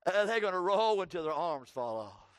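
High-voiced fervent male preacher. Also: big pitch swings, moderate pace, dry recording, clean studio sound. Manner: fervent preaching, swinging from loud cries to hushed tones; repetitive, emphatic phrasing. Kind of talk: sermon.

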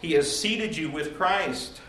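A man's voice: a little high, takes it slowly, a bit bright. A man preaching a devotional sermon, earnest and emphatic, asking and answering rhetorical questions. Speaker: pastor. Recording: echoey room from far off.

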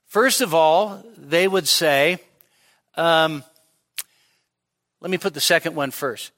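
A male pastor with a slightly high, somewhat bright voice delivers a midweek teaching sermon at a slow pace. He explains things step by step and often checks in with his listeners.

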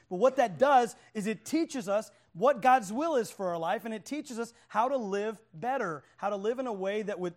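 A man preaching a sermon in a conversational way, joking with his listeners and often asking "right?". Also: high voice.

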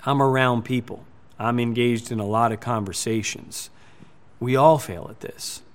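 A man's voice: medium pitch, fairly even intonation, normal speed. A man preaching a sermon as pastor, earnest, with emphatic repetition.

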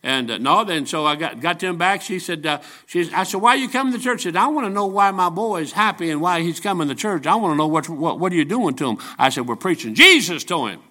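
A seventy-year-old man preaching with a bright, forceful voice pitched a little high. He tells folksy stories and jokes, pressing his points with emphatic repetition. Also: animated, fast, few pauses. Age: 70s. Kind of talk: storytelling sermon.

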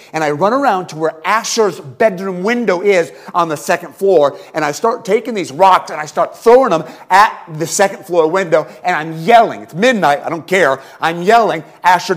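A male pastor preaching a revival sermon, swinging from loud pleading to hushed, slow emphasis. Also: a little high.

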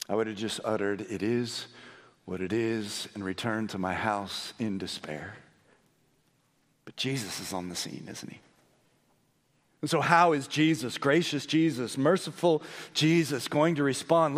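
A man preaching a sermon as pastor, moving between hushed, low storytelling and raised, excited emphasis. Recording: long hall reverb.

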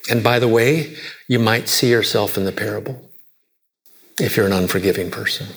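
A man preaching a sermon, emphatic, asking rhetorical questions and swinging between soft low lines and raised high ones. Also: normal speed, gravelly. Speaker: pastor.

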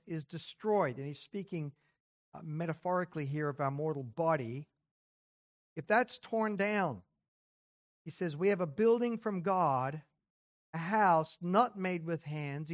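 Conversational preacher teaching scripture. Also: medium pitch. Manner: reads scripture aloud, then explains in plain talk with rhetorical questions; casual spoken phrasing with occasional throat clearing. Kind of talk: expository sermon.

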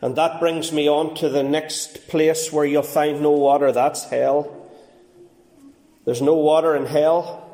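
A man preaching a fervent sermon as pastor, swinging between quiet and raised passages. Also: a little high, flat delivery, slow pace, echoey room. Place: church.

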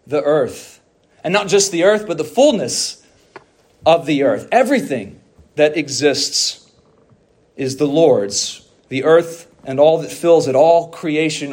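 A pastor preaching a sermon, in a measured, emphatic way with slow, stressed phrases. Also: male voice, a little high, a little mellow.

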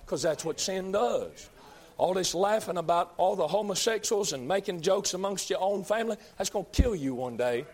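Man in the pulpit, high-pitched, fiery, repeats himself, builds to shouting. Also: lively intonation, moderate pace. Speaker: preacher. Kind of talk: fiery sermon.

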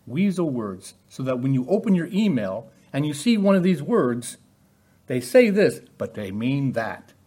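Husky guy giving a sermon, chatty, keeps asking the congregation questions. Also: mid-range voice, mellow. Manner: conversational, asks the listeners rhetorical questions. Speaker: preacher.

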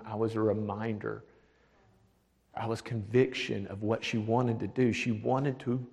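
A man, a pastor, telling a testimony story, dropping to a hush for the words of others. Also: mid-range voice, vocal fry. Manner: drops to a hushed voice for quoted speech. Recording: long hall reverb.

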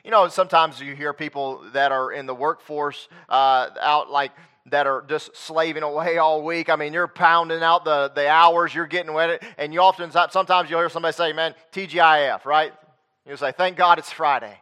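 A man preaching a sermon to his congregation, swinging between loud emphatic peaks and quiet low asides, and reading scripture aloud in old-fashioned wording. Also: fairly even intonation, normal speed, clean tone. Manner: reads scripture aloud in King James wording.

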